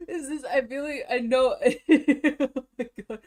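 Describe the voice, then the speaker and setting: A young woman with a slightly raised pitch chats casually as a streamer reacting to videos. She is excitable and giggly, laughing often as she talks. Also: a little slow.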